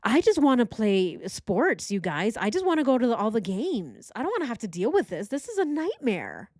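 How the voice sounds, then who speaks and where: A woman's voice: fairly high pitch, wildly swooping pitch, moderate pace, a little mellow, no echo, clean studio sound, voice pushed up. A woman putting on a whiny, self-pitying grown man in a mocking, sing-song voice.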